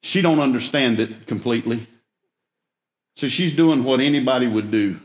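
A man's voice: mid-range voice, moderate pace. A man preaching through a folksy, self-mocking story, with emphatic bursts. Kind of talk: storytelling sermon. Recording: echoey room.

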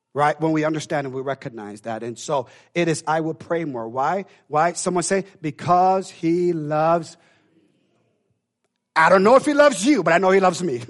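A pastor preaching a sermon, emphatic and calling out to the congregation, swinging from hushed talk to shouting. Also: male voice, a little high.

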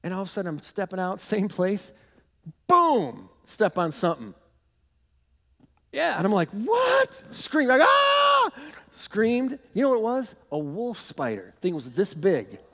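High-pitched guy preaching, big animated storyteller, long echo like a big church. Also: moderate pace, vocal fry. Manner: animated storytelling with shouted shrieks and laughs. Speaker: pastor. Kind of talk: sermon. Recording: long hall reverb.

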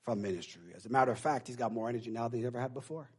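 Husky-voiced preaching pastor. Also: male voice, medium pitch, racing. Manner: emotional, swings from hushed confiding to loud preaching. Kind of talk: sermon. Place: church.

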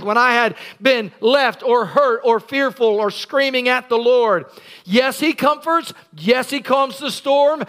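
A man preaching to his congregation in a bright, ringing voice that sits unusually high for a man. He tells the story with animated energy, acting out scenes and breaking into shouts. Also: measured pace, clear, resonant tone. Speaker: pastor. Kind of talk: sermon. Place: church.

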